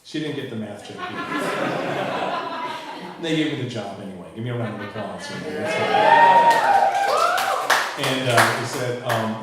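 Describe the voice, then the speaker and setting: In his fifties and hailing from Charleston, South Carolina, this comedian works a live club crowd with self-mocking, dry humor. His medium voice swoops wildly in pitch at a measured pace with long pauses, and the distant, echoey recording is very noisy with crowd sound.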